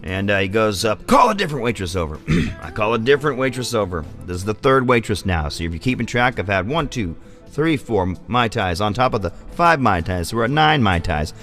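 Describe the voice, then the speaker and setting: A man's voice: lowish voice, expressive, a little fast, fairly bright tone, faint music behind. A man hosting a vlog, telling a long rambling story in casual, profane speech. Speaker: vlog host.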